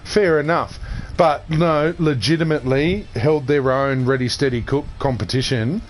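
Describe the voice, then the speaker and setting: A man's voice: a little high, normal speed, slight background noise. An Australian man co-hosting a casual podcast chat, jokey and laid-back, swearing freely. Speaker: podcast co-host.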